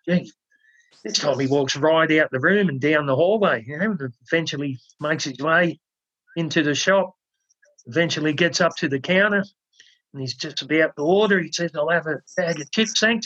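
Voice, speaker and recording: A man's voice: sits high, a bit bright, husky, no echo. A man co-hosting a podcast, telling a long joke in a rambling, casual way, then signing off. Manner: rambling storyteller with fillers. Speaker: podcast co-host. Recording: dull dry lo-fi.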